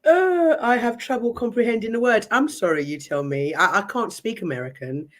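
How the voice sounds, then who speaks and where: London lady in her 40s, bright sharp voice, self-mocking and sorry-sounding chatter. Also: a little high, animated, moderate pace. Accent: London English. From England. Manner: apologetic, self-deprecating, laughs often. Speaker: panel guest. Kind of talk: casual chat.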